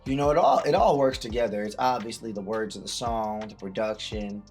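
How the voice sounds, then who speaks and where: A man's voice: fairly low pitch, brisk, a little mellow. A man co-hosting a music reaction, talking casually and thoughtfully.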